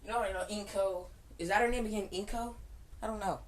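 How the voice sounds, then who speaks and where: A woman's voice: medium pitch, fairly even intonation, fast talker, slight background noise, rough recording. A woman improvising a fan story in casual, rambling talk, full of swearing and restarts, and snapping defiantly at critics. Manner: rambling, profane, frequent restarts.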